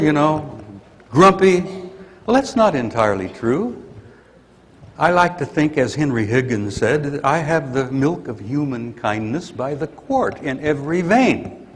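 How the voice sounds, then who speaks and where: A man's voice: on the high side, in a large hall. An older man giving a blunt, grumpy conference talk and venting his anger. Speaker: conference speaker. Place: conference hall.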